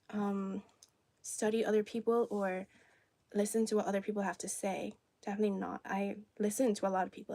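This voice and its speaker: A woman's voice: mid-range voice, dark tone, dry recording. A young woman from China, a native Cantonese speaker, chatting casually on a livestream and answering viewers' comments. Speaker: livestream host. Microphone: phone or camera on tripod.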